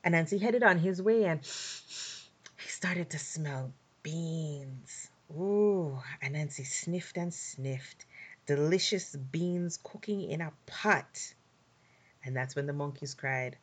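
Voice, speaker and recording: A woman telling folktales, expressive and animated, slowing down for dramatic effect. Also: sits low, husky. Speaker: storyteller. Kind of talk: folktale storytelling.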